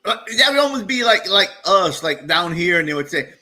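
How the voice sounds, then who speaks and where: Bright, excitable man. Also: high-pitched, fairly quick. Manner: excitable, laughs often, animated. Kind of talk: casual group chat.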